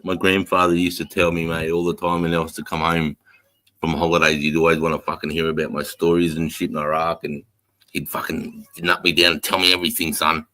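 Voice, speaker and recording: A man's voice: rumbling low, flat delivery, a little fast, bright, forceful tone. An Australian man telling stories in a casual livestream chat, swearing constantly, laughing often and rattling off rhyming slang. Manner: profane, laughing storyteller fond of rhyming slang. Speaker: livestream co-host.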